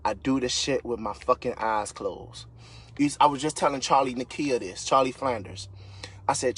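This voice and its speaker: Man, investor-coach type, husky mid-pitched voice, yelling profane motivational rant on a live stream. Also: normal speed. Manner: fired-up, yelling, profane, blunt. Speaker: real estate investor and business coach. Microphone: phone or webcam on a social media live stream.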